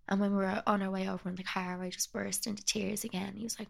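A young woman speaking as an interview guest, talking in a soft, halting, confessional way about hard personal times. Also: mid-range voice, flat delivery, creaky, breathy edge. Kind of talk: candid personal conversation.

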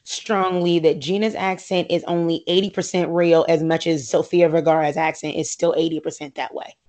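An opinionated American woman in casual chat, with a fairly low voice. She laughs often and leans into voices when she quotes her friends. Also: flat delivery, normal speed, a little mellow. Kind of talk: casual chat about reality TV.

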